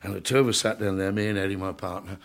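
A man's voice: sits low, steady tone, very fast. An older man from England, a comedian telling showbiz anecdotes to an audience in a chatty, storytelling way, often chuckling and acting out other people's voices.

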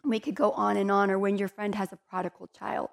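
A woman's voice: mid-range voice, flat delivery, fairly quick, gravelly. A woman giving a conversational Bible teaching in an earnest, heartfelt way, with chatty asides to her listeners.

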